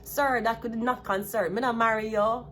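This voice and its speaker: A woman's voice: a little high, steady tone, normal speed, a bit bright, a little hiss or hum. A woman with a Jamaican accent giving a solo tarot reading, talking bluntly and with plenty of profanity. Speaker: tarot card reader.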